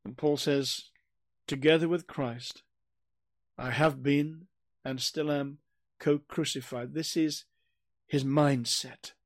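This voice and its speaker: A man's voice: a little high, fairly even intonation, slow, long pauses, dry recording. A man giving an expository Bible teaching, earnest and emphatic, often repeating and restarting phrases as he explains. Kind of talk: expository sermon.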